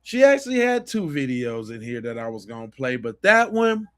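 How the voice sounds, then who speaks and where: A man's voice: mid-range voice, big pitch swings, normal speed, smooth. A man hosting a podcast, giving blunt, profane commentary on video clips and often repeating and restarting his phrases. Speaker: podcast host.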